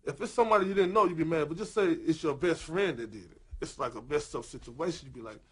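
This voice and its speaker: A man's voice: a little high, fast talker, fairly bright tone, husky. A man talking casually and earnestly in a documentary interview.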